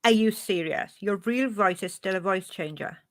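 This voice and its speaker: A woman's voice: medium pitch, normal speed, fairly bright tone. A woman with a Welsh accent chatting casually on a live stream, reading out and answering her chat.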